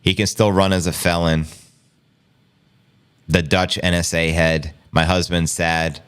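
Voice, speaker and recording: A man's voice: deep voice, level tone, measured pace, a bit bright, clear, resonant tone. A man hosting a crypto news show, giving exasperated, incredulous live reaction commentary in a rambling way.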